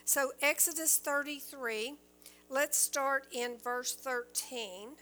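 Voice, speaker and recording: A woman teaches from the Bible in an earnest sermon, reading passages aloud and then explaining them. Her voice is bright and fairly high, and she speaks slowly, pausing and restarting now and then. A faint hum sits under the recording. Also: low-quality recording.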